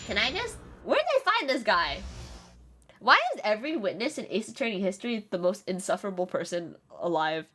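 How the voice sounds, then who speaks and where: A woman's voice: medium pitch, sing-song, a little fast, bright, forceful tone. A woman streaming a game, reacting with blunt, sarcastic commentary and frequent laughter. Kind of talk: casual gameplay commentary. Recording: game music behind.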